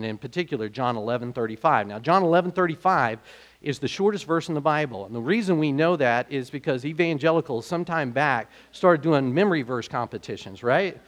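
A man preaching a sermon in a conversational way, growing animated when he asks questions. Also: mid-range voice. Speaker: pastor.

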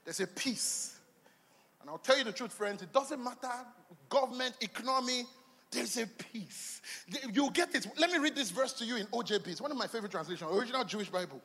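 Man, pastor, high voice, breathy rasp, sermon, long hall reverb. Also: brisk. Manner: animated preaching, swinging from shouts to low asides.

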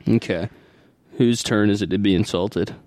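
A man's voice: fairly even intonation, moderate pace, darkish tone, dry recording. A young man co-hosting a podcast, bantering casually and joking between laughs. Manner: joking, laughs often, swoops into a high playful voice. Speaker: podcast co-host.

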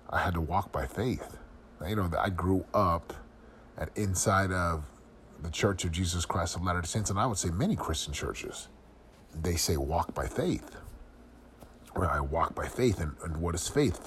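Speaking in a very deep register, this middle-aged man hosts a podcast and shares a personal reflection. His tone is sincere and confessional, filled with probing questions, and soft room ambience hums behind him.

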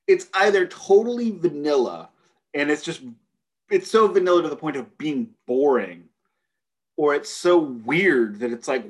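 A man from the United States co-hosting a music podcast, talking in an animated, emphatic and joking way. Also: on the high side, measured pace. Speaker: podcast co-host. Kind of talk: casual podcast chat.

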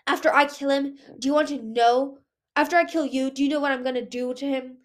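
A cruel dragon queen, read by a woman from a fantasy storybook. She drawls her threats slowly with a hissing edge, pitched a little high and pushed loud. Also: steady tone, close to an everyday voice. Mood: menacing. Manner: slow, menacing, hissing. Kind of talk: audiobook read-aloud.

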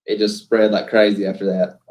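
Young male guest, low and flat, easygoing, hesitant ums. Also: fairly quick, rough recording. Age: young adult. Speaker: guest, pro baseball player. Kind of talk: casual interview.

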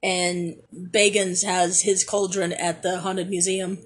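A woman's voice: lowish voice, level tone, slow, husky. A woman co-hosting a podcast in casual chat, swearing freely and trailing off while she hunts for words. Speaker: podcast co-host.

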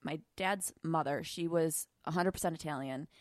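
Podcast host, woman, lowish voice, chatty and self-mocking, dry mic. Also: normal speed, darkish tone, dry recording. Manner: chatty, laughs along, self-deprecating. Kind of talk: casual podcast chat.

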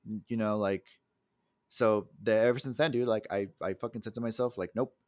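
Co-hosting a laid-back podcast, a young El Paso-area man in the USA gets heated and profane while recounting a story. His lowish voice is steady, a little mellow and a little fast, recorded in clean studio sound with no room sound.

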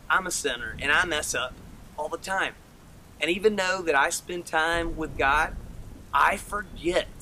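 A man's voice: on the high side, pushed and bright. A male pastor preaching a sermon in a casual, enthusiastic, storytelling manner.

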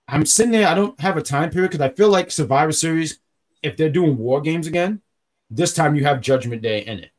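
Rambling man with a fairly high voice. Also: a little fast. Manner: loose and rambling, often correcting himself. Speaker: podcast host. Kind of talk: casual wrestling chat.

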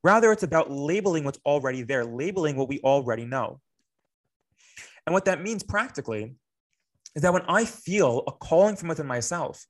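A young man giving a spoken Torah class in an earnest, reflective way, repeating phrases for emphasis. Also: on the high side. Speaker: Torah teacher.

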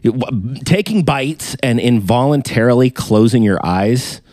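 A man hosting a podcast, chatting casually and joking as he reads through sponsor shout-outs. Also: mid-range voice, expressive, measured pace, dry recording. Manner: rambling, joking, hypes sponsors. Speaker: podcast host.

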